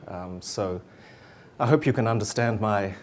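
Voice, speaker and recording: A middle-aged man with a New Zealand accent giving a formal lecture to students, measured and steady with frequent um fillers. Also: fairly low pitch, a little hiss or hum. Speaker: guest lecturer.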